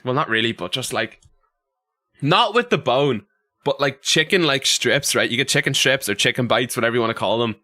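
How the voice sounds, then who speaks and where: A young man with an Irish accent talking casually to his livestream audience, bright and forward in tone. He rambles from one story to the next, reads chat aloud and laughs as he goes. His pitch sits in the middle of the male range. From Ireland. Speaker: streamer.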